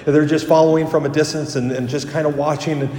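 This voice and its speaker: A man's voice: on the high side, fast. A priest giving a conversational homily, correcting himself and livening up when he quotes people. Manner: conversational, self-correcting, animated when quoting. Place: church. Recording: echoey church from a distance.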